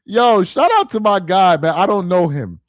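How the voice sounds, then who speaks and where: A man hosting a sports talk live stream in a laid-back, rambling way, peppering his talk with "man" and "bro". His voice sits a bit high for a man. The sound is dry and close, with no room echo. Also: expressive, moderate pace. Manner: loose and rambling, with restarts.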